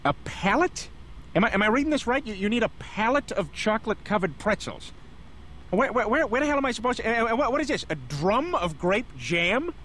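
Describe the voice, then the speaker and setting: An actor playing a bumbling, loudmouth middle-aged cartoon dad who rambles and stammers when flustered. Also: male voice, high-pitched, very animated, fairly quick, a little hiss or hum, exaggerated voice. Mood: baffled. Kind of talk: animated cartoon acting.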